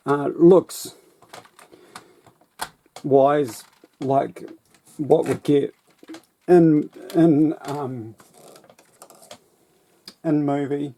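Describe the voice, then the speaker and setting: Guy rambling through a toy review, kinda high voice, soft mellow tone, laughs at himself. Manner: rambling and self-deprecating. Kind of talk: casual product review.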